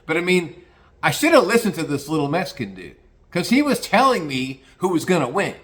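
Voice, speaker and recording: A man's voice: on the high side, sing-song, brisk, fairly bright tone. A man spinning a casual anecdote, rambling and peppered with swearing. He talks in an easy conversational way, circling back and restarting as he goes. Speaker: storyteller.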